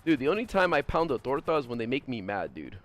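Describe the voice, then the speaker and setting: A man's voice: medium pitch, very animated, fast, fairly bright tone. A young man streaming, talking casually in a blunt, profane, rambling way full of fillers. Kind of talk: casual livestream chat.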